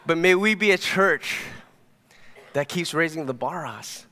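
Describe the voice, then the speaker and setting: A man's voice: fairly high pitch, expressive, unhurried, bright, forceful tone. Slightly breathless man preaching a sermon. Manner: demonstrates lifting a weight on stage, rising to fervent emphasis. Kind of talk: sermon with closing prayer. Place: church stage.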